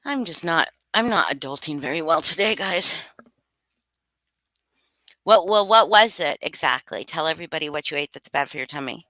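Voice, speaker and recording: A woman's voice: deep voice, animated, moderate pace, bright, forceful tone, dry recording. A woman hosting a casual live stream, reading chat aloud and chatting loosely with some swearing. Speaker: streamer host.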